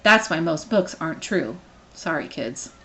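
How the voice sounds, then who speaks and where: A woman reading a children's novel aloud, expressive and playful. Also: low voice, unhurried. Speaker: reader.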